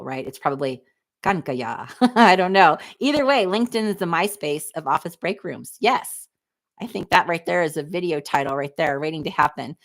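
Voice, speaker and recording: A lowish-voiced woman in her forties, chatting on a livestream. She reads viewer comments and answers them with candid, snarky asides. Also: fairly bright tone. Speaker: livestream host reading chat. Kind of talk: casual livestream chat.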